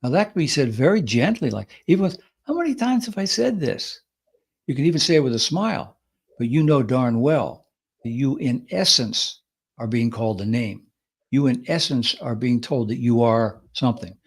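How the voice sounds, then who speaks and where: A man in mid-range pitch talks through ideas in a steady, explanatory way. He punctuates his points by acting out short quotes with sudden lift and energy. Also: normal speed, husky. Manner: explanatory, lively acted quotes. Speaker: podcast co-host. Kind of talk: conversational advice talk.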